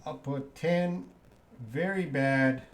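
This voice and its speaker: Slow-talking Canadian man teaching English. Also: fairly high pitch, slight background noise. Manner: slow, repeats words for learners, answers chat questions. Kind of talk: live online English lesson. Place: living in Korea.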